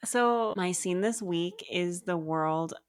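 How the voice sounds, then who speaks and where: A woman's voice: lowish voice, slow pace, smooth. A woman co-hosting a podcast, chatting casually and rambling through her thoughts with lots of filler words. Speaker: podcast co-host. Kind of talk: casual chat.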